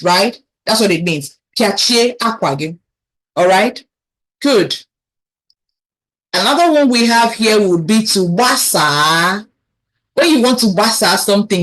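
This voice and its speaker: Patient woman teaching a language lesson. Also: mid-range voice. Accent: Nigerian. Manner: patient, repeats phrases slowly for learners to echo.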